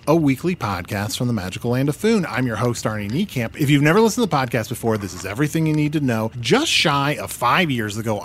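Excitable male comedy podcast host. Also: medium pitch. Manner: excitable, jumpy, swings to mumbling.

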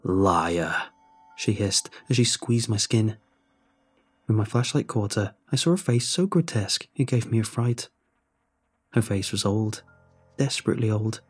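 A man narrating a horror story in a measured, brooding way. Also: lowish voice, darkish tone, husky, faint music behind.

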